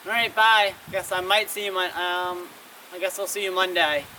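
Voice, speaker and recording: Guy with a high voice doing a casual weather vlog outside, kinda far from the camera, wind and cars behind. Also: fairly even intonation, moderate pace, pushed and bright. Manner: rambling, self-correcting, trying foreign words. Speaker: weather vlogger. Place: outdoors in wind. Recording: distant windy outdoor recording.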